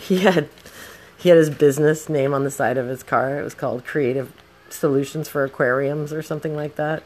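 A young woman telling a casual story full of swearing, acting out the shouting. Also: very deep voice. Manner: profane, animated, acts out the shouting.

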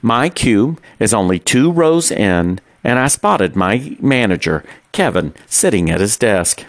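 A middle-aged man reads his personal diary aloud at a calm, unhurried pace. His voice sits fairly low yet moves with lively rises and falls. The sound is close and dry, with no room around it. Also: no room sound. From Texas. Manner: measured, unhurried storytelling. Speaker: narrator. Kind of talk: scripted personal diary narration.

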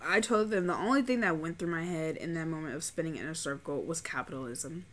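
Young woman co-host, animated and profane, crisp bright tone. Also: sits low, fast talker. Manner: animated storytelling, swears freely. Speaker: podcast co-host. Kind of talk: casual chat.

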